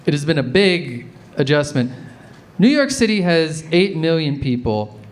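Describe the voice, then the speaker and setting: A man doing a stand-up comedy set in a deadpan storytelling manner that bursts into loud shouts now and then. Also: fairly high pitch, unhurried. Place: comedy club stage before a live audience. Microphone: handheld stage mic. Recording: live club recording with crowd laughter. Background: audience laughter.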